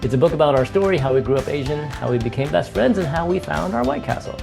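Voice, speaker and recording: A man co-hosting a casual podcast, lively and teasing, laughing often. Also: a little high, quick pace, gravelly, music in the background. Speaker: podcast co-host.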